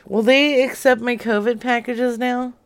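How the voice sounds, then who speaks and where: A woman's voice: a little high, steady tone, takes it slowly, no room sound. A young woman hosting prank calls, chatting casually, teasing and laughing often. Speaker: prank call host. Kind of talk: casual prank call chat.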